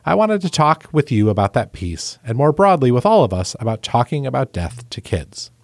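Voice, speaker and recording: Lively-voiced man hosting a podcast. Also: mid-range voice, normal speed, gravelly, no echo, clean studio sound. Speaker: podcast host.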